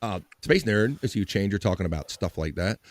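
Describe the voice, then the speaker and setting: A man's voice: lowish voice, animated, brisk, dry recording. A man hosting a casual live-stream chat, joking around and reading the chat aloud. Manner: joking, reads chat aloud, puts on silly voices. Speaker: host.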